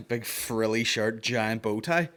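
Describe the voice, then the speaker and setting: A young man, hosting a podcast with sweary, rambling comic banter and sudden loud mock-operatic wails. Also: mid-range voice, slow, vocal fry. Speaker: podcast host. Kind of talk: casual comedic banter.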